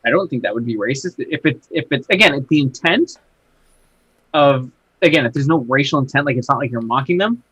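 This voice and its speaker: A man moderating a casual podcast, speaking in a measured, hedging way and circling back as he thinks. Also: mid-range voice, lively intonation, a bit bright, slightly rough, no room sound. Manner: measured, hedging, restarts a lot. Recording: dull, dry lo-fi podcast recording.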